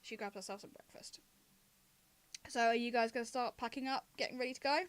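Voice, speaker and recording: Woman game master with a high voice. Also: fairly even intonation, a little fast. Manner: casual, hesitant, with many ums and restarts. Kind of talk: narrating a tabletop game on a livestream.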